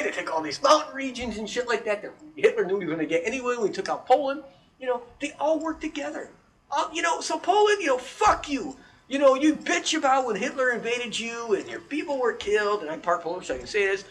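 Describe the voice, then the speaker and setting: A man's voice: very high voice, expressive, fast talker, fairly bright tone. A man hosting a casual podcast chat, ranting animatedly and swearing a lot.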